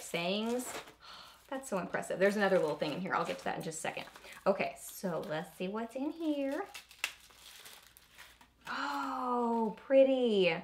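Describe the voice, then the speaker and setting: A woman's voice: mid-range voice, slight background noise. Bubbly young woman vlogger gushing. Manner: bubbly, gushing, squeals with delight. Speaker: beauty vlogger. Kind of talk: casual unboxing chat.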